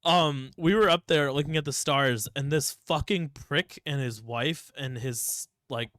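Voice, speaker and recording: A man's voice: on the high side, measured pace, fairly bright tone, no echo, studio quality. Swearing young man telling stories. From Ohio. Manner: profane, rambling storytelling with frequent swearing. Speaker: podcast co-host. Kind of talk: casual chat.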